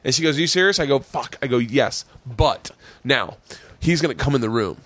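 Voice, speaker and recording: A man's voice: medium pitch, normal speed, no echo. A man hosting a podcast, telling stage stories in casual chat, swearing freely and acting out other people's voices. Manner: animated, profane, acts out voices in his stories. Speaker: podcast host and comedian.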